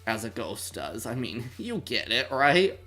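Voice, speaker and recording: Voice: mid-range voice, sing-song, unhurried, pushed and bright, soft background music. A streamer in their twenties hosting a movie watch-along, chatting casually and dramatically with mock outrage. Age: 20s. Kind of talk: casual livestream chat.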